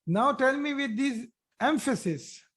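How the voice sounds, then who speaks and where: A man's voice: very high voice, expressive, measured pace, a bit bright, breathy edge. A man teaching a grammar class online, repeating each phrase and praising students' answers. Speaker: Arabic teacher.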